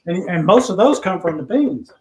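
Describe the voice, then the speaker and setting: Man, high voice, easygoing co-host, casual kitchen chat, distant mic, faint noise. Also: expressive, normal speed, a little mellow. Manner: easygoing, joking. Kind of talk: casual cooking show chat.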